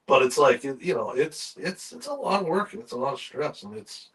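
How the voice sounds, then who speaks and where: A man's voice: fairly high pitch, big pitch swings, fairly quick, fairly bright tone, distant mic, rough recording. A man hosting a live chat show, reacting casually and musing aloud. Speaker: show host.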